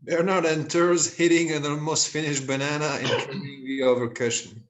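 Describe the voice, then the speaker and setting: A man's voice: a little high, fairly even intonation, moderate pace. A man reading stage directions aloud in a plain, amused manner in an amateur play reading.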